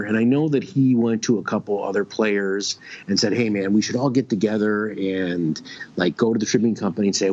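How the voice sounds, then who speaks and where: A man with a low voice rambles through a story on a casual radio show. His sentences stop and restart around lots of fillers. The stream audio sounds dull and lo-fi. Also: darkish tone. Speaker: guest.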